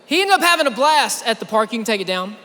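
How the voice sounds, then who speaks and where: A young man preaching at a youth conference, telling a lively story and talking straight to the crowd. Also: very high voice, fast talker. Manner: energetic storytelling, addresses the crowd directly. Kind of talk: sermon. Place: large church auditorium. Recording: long hall reverb.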